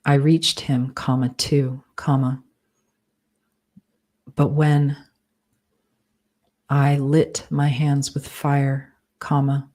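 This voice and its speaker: A woman with a low, mellow voice dictates her novel at an unhurried pace. She reads out every punctuation mark in a flat, even tone. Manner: speaks punctuation marks aloud, measured and deliberate. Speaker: author.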